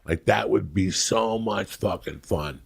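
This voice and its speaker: Man, middle-aged, from new jersey, very low pitch, gravelly, profane rambling storyteller. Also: a little slow. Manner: loud, rambling and crude, breaking into acted quotes.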